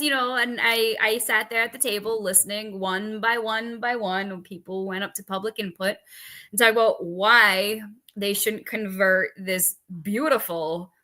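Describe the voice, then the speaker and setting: A woman talks in a bright, clear voice on a casual podcast. She tells her stories bluntly, with plenty of swearing and lively energy. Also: medium pitch, measured pace. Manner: blunt, profane, animated storytelling. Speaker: veterans advocate guest.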